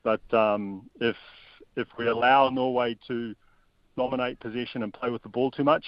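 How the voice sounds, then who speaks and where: A man giving football analysis as an interview guest, hesitant, with many pauses and ums. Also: mid-range voice, fairly even intonation, dry recording, lo-fi sound.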